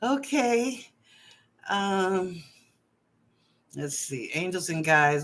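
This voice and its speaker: A woman hosting live online psychic readings from her apartment, animated and playful, drawing out phrases with chatty asides. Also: medium pitch, slow. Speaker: psychic reader and show host. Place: apartment at home.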